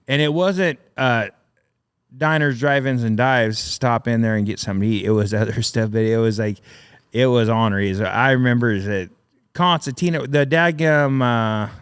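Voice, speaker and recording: A middle-aged welder and military veteran, appearing as a podcast guest, tells rambling, profane war stories and laughs often. His mid-range voice is smooth and fairly bright, moving at a moderate pace in casual storytelling.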